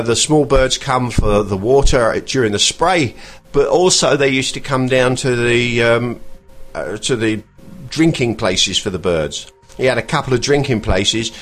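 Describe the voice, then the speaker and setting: A man hosting a podcast, chatting in a rambling way and pausing to search for words. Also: medium pitch, fairly bright tone. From England. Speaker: podcast host. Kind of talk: casual podcast monologue.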